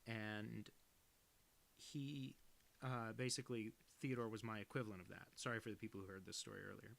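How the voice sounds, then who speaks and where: Cartoonist on a live stream, casual rambling talk, self-deprecating, laughs easily. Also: male voice, on the low side, steady tone, a little fast, creaky, a bit bright. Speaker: cartoonist streaming his work. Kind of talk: casual live-stream chat while drawing.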